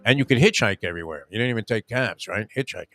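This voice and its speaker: A man's voice: fairly low pitch, expressive, racing, fairly bright tone, no room sound. A man in his sixties, a radio host, telling a long rambling story in casual chat, full of fillers and restarts.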